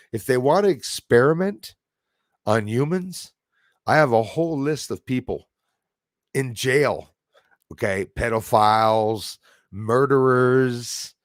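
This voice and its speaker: Canadian man, livestream host, rambling emphatic talk, middle pitch, dry close sound. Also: no echo. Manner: rambling, emphatic, frequent fillers and restarts; reads out and thanks viewers in chat.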